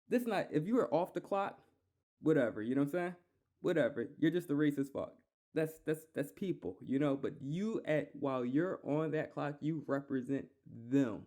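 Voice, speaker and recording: A man's voice: fairly high pitch, measured pace, warm tone. Heated man ranting. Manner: heated, profane, repeats himself. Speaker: podcast host. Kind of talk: solo podcast rant.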